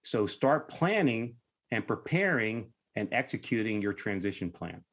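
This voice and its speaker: A man's voice: fairly low pitch, very animated, measured pace, fairly bright tone. A middle-aged man, a retired Army officer, talking bluntly in a casual podcast conversation and telling war stories, swearing and tagging "right?" onto his points. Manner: blunt storytelling, swears freely, keeps asking "right?".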